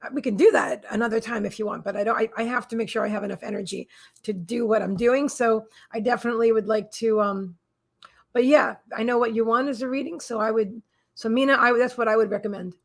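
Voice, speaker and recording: A woman hosting a psychic reading live stream in a casual chat. Her voice sits a little high and has a gravelly fry. She gushes and repeats her thanks and greetings, trailing into restarts and fillers. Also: fairly even intonation. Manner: halting restarts and many fillers.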